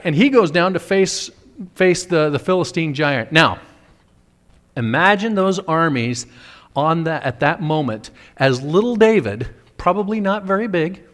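Male pastor, high voice, fervent sermon, dramatic quoting, long hall reverb. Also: fairly bright tone. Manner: fervent, acts out quoted voices with big swings.

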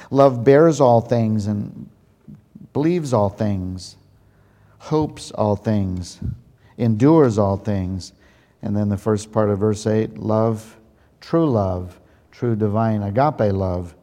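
A man preaching a sermon as pastor, reading and explaining slowly and deliberately, stressing key words. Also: on the low side, warm tone. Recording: long hall reverb.

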